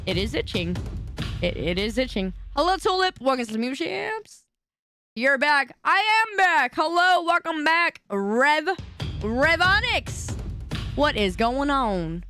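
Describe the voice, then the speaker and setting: A woman's voice: on the high side, bright, forceful tone, dry recording, studio quality. A woman streamer in casual live-stream chat, whiny and indignant as she bickers with her chat.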